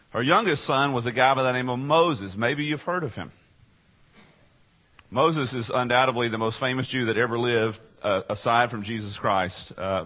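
A man's voice: mid-range voice, lo-fi sound. A man preaching a sermon in a conversational way, often repeating phrases and putting questions to his listeners. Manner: conversational, asks the congregation questions; repeats himself for emphasis. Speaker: pastor.

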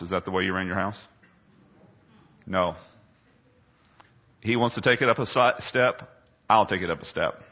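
Low-voiced man preaching conversationally. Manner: conversational preaching with questions to the congregation. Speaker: pastor. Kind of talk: sermon. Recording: dull lo-fi sound.

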